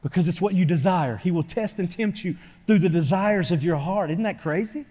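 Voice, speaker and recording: A pastor preaching a sermon to his church, swinging from quiet talk to loud shouting. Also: sits high, a little fast. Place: church sanctuary. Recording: church hall reverb.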